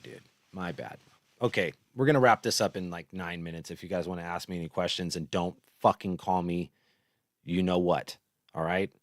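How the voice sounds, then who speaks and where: A man's voice: low voice, a bit bright, no room sound, clean studio sound. A man in his thirties chatting casually on a live stream, swearing freely and rambling. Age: 30s. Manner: profane, blurts out then apologizes rambling.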